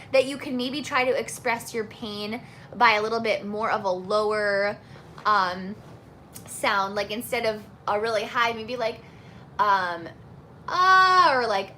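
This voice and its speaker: Bright-voiced woman, chatty singing teacher. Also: mid-range voice, slight background noise. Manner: friendly, chatty, lots of fillers and restarts. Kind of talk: casual live Q&A chat.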